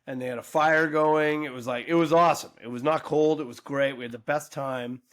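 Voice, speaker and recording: A man's voice: a little high, steady tone, brisk, dry recording, studio quality. A man in his forties, a podcast co-host, telling a story in casual chat and acting out the quoted voices. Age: 40s.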